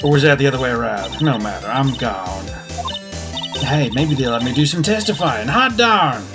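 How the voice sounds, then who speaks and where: A woman's voice: rumbling low, animated, moderate pace. A woman putting on a sassy Southern gal with a drawl. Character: brash young Southern woman photographer. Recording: game music behind.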